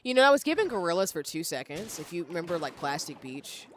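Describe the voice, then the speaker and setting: A woman's voice: lowish voice, very animated, quick pace, slight background noise. A woman streaming a game live, chatting in a playful, casual way and laughing at herself. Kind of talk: casual live gameplay commentary.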